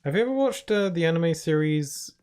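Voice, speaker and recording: A man's voice: a little high, lively intonation, fairly quick, a little mellow. A man chatting casually while live-streaming a game, rambling on with many fillers at a desk microphone.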